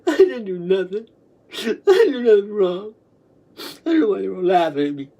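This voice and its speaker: A woman reliving a memory aloud, halting and repetitive, coughing between phrases and swinging between laughing and crying. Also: medium pitch, very animated, warm tone.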